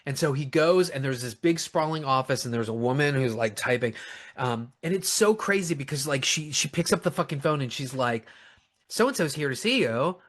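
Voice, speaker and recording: A man co-hosting a casual film review, animated and swearing often, acting out lines from the movie in mocking voices. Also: medium pitch, fairly quick. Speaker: podcast co-host reviewing films.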